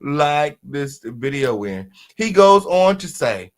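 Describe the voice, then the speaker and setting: With a slow pace and hardly any pauses, a male commentary host reacts to a diss track. He's animated and sassy, going loud one moment and muttering the next, and he calls on viewers to vote in the chat.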